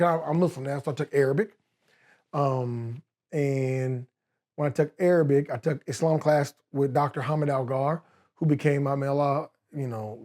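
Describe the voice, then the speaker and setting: Give me an older man with a Northern California accent, telling lively stories in a casual interview and laughing as he goes. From United States. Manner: animated, laughing storyteller, voices his younger self in high pitch. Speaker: guest.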